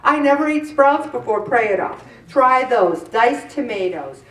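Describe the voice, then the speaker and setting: A middle-aged woman hosting a weight-loss show, giving chatty diet advice in an animated, exclamatory way and repeating words for emphasis. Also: on the high side, unhurried, recorded from a distance. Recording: echoey room, voice from off mic.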